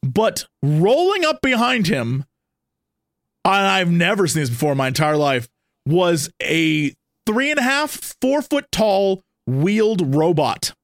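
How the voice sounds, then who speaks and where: Man, high voice, dry close mic, casual podcast storytelling, animated. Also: a little slow, no room sound. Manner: animated, acts out quotes with raised voice. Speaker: guest on a podcast.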